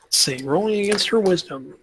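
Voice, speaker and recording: A man's voice: sits high, lively intonation, a little fast, fairly bright tone, slight background noise. A man acting as game master of a tabletop role-playing game, explaining rules and narrating scenes, often trailing off into fillers.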